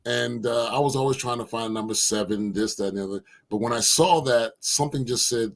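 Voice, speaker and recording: A former basketball player from Philadelphia, USA, tells stories as a guest in a casual storytelling interview. He is an animated storyteller who acts out the quotes, with a mid-range voice and a fairly quick pace.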